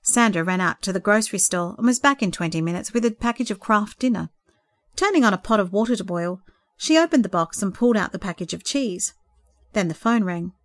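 A woman reads a story aloud in a gentle, expressive way, her voice at a middle pitch. The sound is close and dry, with no room around it. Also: fairly quick, no echo. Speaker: narrator. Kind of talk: storybook narration.

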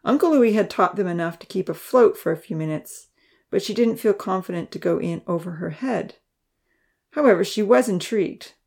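A woman narrating a children's story aloud with a steady, expressive reading. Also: mid-range voice, moderate pace, gravelly.

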